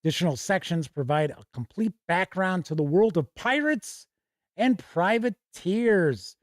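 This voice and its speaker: A middle-aged man hosts a casual stream, reading from books with frequent small self-corrections. His voice sits a little high for a man. The sound is dry and close. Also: lively intonation, measured pace, dry recording. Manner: reads aloud from books, corrects himself. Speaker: host. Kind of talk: casual livestream review.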